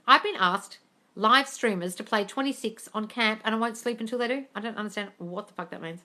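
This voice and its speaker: An outspoken woman with a bright, slightly high voice hosts a live Q&A on her phone, talking a little fast. She's blunt and swears freely, calling everyone darling while animatedly squealing and laughing at viewers' comments.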